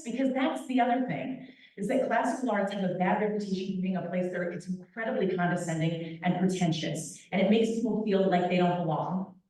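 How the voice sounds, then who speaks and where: A young woman speaks to a live audience, animated and playful, teasing the crowd as she talks. Her voice rings through a very echoey hall and sounds a little distant from the mic. Her pitch sits in an ordinary middle range for a woman. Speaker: guest speaker, opera company vice president. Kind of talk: lively public talk to an audience. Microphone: handheld microphone.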